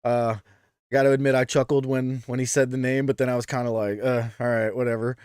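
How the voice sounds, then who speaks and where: A man's voice: mid-range voice, level tone, fairly quick, a little mellow, smooth, no room sound, studio quality. A man co-hosting a podcast in casual chat, talking loosely with frequent fillers and restarts. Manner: chatty, with many "um"s and restarts. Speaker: podcast co-host.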